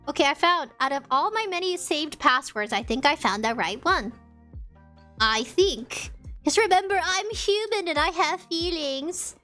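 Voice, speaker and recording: High-pitched giggly woman streamer. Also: lively intonation, moderate pace, a bit bright, faint music behind. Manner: rambling, giggly, easily sidetracked. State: slightly raspy. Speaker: VTuber livestreamer. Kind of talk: casual livestream chat, reading chat messages.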